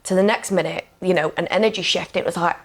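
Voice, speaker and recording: Frank woman with a lower voice. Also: steady tone, quick pace. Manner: frank and emotional, with frequent "like" and "you know". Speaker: podcast guest, coach. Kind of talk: candid conversational storytelling.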